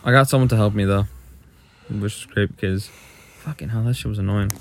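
Low-voiced young man, rambling and profane. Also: fairly even intonation, brisk, a little hiss or hum. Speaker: podcast co-host. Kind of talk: casual chat.

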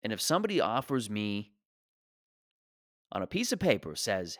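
A young man doing a profane, self-deprecating stand-up rant, exasperated and quick to mock himself. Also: on the low side, wildly swooping pitch, dry recording, clean studio sound. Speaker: stand-up comedian.

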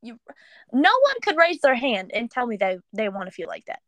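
A young woman co-hosting a podcast, telling a story in animated casual chat full of "like" fillers. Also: a little high, moderate pace, no room sound. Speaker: podcast co-host.

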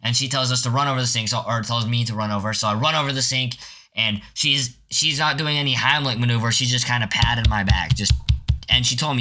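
A man's voice: medium pitch, normal speed, sharp tone. A teenage boy hosting his first solo podcast, telling rambling stories with many restarts and self-mocking jokes. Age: teens. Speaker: podcast host. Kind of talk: casual solo podcast storytelling.

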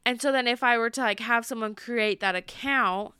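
A young woman co-hosting a casual podcast chat, ranting in an animated, heated way. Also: on the high side, normal speed, clear, resonant tone, no echo, studio quality. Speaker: podcast co-host.

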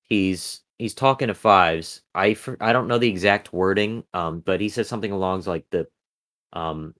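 A podcast co-host, a guy with a low, slightly bright voice, chats casually while reviewing a TV episode. He talks at a moderate pace but rambles, with lots of "um" and "like" and plenty of restarts.

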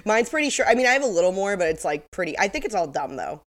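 Very animated and fast, a woman with a mid-range voice and a slight lisp co-hosts a casual podcast recap chat. She wryly reads out quotes from her episode notes.

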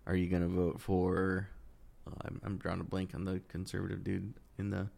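A man co-hosting a casual podcast conversation, talking in a lively way that climbs higher when he gets worked up, with frequent restarts. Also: fairly quick, creaky. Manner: animated, rising in pitch when worked up, many restarts. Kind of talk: casual political chat.

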